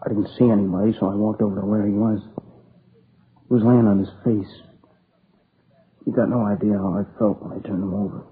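An actor playing a grieving young man who tells, haltingly and in a subdued voice, how his friend was killed, in a radio drama. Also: lowish voice, fairly even intonation, close to an everyday voice. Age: young adult. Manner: halting, subdued, plain-spoken. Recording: tinny lo-fi old radio recording with faint hiss.

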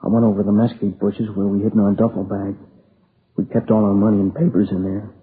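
In an old radio crime drama, an actor plays a young man who survived a robbery and is grieving, shaken and exhausted. His low, flat male voice sounds close to everyday speech, weary and halting, full of broken restarts and near tears. The sound is tinny lo-fi old broadcast with hiss.

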